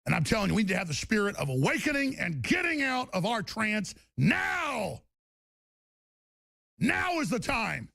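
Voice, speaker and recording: Gravelly, ranting male talk radio host. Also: sits high, huge pitch swings, normal speed, no room sound. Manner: shouting, agitated tirade. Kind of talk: angry on-air rant.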